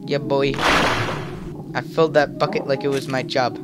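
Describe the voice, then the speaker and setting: This let's play gamer talks at a normal speed in a medium-pitched voice with little pitch movement. Over game music, he casually comments on his play, rambling to himself with playful, jokey asides.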